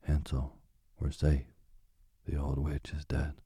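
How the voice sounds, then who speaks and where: A man voicing a frightened but clever young girl in a storybook reading, in his own deep voice. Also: completely flat delivery, takes it slowly, warm tone, husky, no echo, studio quality, full character voice. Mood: joyful.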